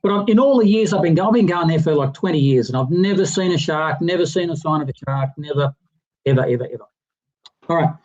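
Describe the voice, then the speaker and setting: A man spins a long, rambling yarn, restarting his sentences as he goes. His voice sits a little higher than most men's and comes through dull and lo-fi over a video call. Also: quick pace. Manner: rambling, animated anecdote teller with many restarts. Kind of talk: casual storytelling on a livestream chat.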